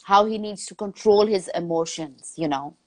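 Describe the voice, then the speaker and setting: A woman's voice: medium pitch, normal speed. A woman in her thirties hosting a podcast interview, talking casually and with feeling, often restarting her sentences and laughing. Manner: warm, chatty, laughs often, many restarts. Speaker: podcast host.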